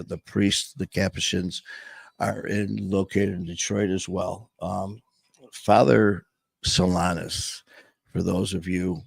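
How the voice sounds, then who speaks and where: A man with a very low, gravelly voice talks casually and candidly on a live stream. He rambles, trips over his own words and restarts. The sound is dry and close, with no room around it. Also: no echo. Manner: rambling, self-interrupting, candid. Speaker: host of a sobriety and faith live show.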